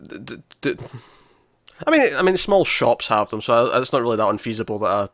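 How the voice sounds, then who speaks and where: A man's voice: medium pitch, sing-song, fairly quick, a bit bright, no room sound, studio quality. A man co-hosting a podcast in casual chat, rambling with lots of restarts and frequent laughs. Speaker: podcast co-host.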